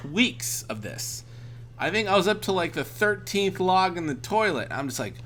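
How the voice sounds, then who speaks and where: A man's voice: sits high, big pitch swings, moderate pace, fairly bright tone, soft background music. A man streaming while drinking, telling a rambling, profane anecdote in a casual way. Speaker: art streamer. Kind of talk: casual storytelling on a livestream.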